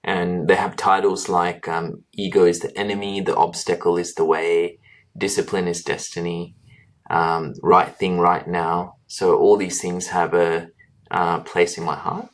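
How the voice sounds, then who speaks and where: A man with a very deep voice talks earnestly about his life in a long interview answer. He often pauses with fillers and restarts his sentences. He is a doctor in his thirties. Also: little pitch movement. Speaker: guest, doctor.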